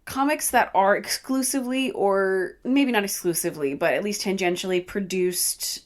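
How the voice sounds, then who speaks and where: A woman's voice: mid-range voice, normal speed. A woman co-hosting a podcast in casual chat, laughing often and talking with fillers and restarts. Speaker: podcast co-host.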